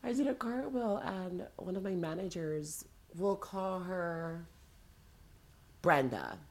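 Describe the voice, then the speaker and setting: A woman chatting casually as a podcast guest, telling animated, dramatic stories with sassy asides. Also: fairly low pitch, takes it slowly. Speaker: guest storyteller. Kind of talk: casual chat.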